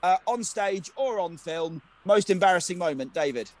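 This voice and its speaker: A man's voice: sits high, lively intonation. A man interviewing fellow actors on a podcast, chatty and joking, with lots of ums and restarts. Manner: jokey, fast, filler-heavy storytelling.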